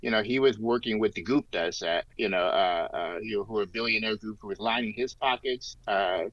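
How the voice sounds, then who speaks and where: A podcast co-host rambles casually through politics, with plenty of fillers and restarts. His voice is on the low side, fairly quick and a bit bright, captured in a dry, dull lo-fi recording.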